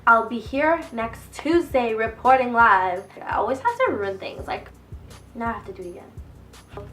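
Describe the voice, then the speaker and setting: A woman's voice: a little high, measured pace, distant mic. A young woman vlogging, telling stories casually with lots of profanity and acted-out quotes. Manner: animated, profane, acts out quoted voices. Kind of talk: casual storytelling to camera. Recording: voice a bit off-mic with faint music.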